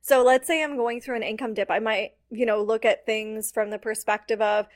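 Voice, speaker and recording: A woman's voice: a little high, fairly even intonation, moderate pace. A young adult woman hosting her own podcast, talking as a business coach in a casual, chatty, upbeat way with many "like" fillers. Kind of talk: casual solo podcast talk.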